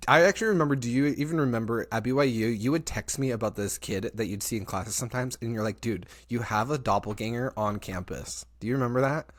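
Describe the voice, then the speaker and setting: A young man hosting a podcast, telling a story in casual chat, animated, laughing often and swearing freely. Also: mid-range voice, fast, hardly any pauses, slight background noise. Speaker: podcast host.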